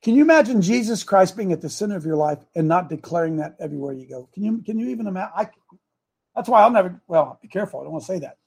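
A man's voice: sits high, expressive, rapid-fire, gravelly, breathy edge. A man preaching a sermon that mixes in politics. He calls for amens, repeats himself, and speaks straight to people in the room. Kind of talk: sermon mixed with political talk.

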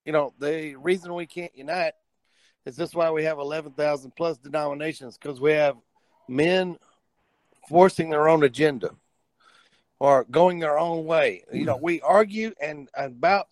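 Man, slightly high voice, dry sound, reflective group member. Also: unhurried, no room sound.

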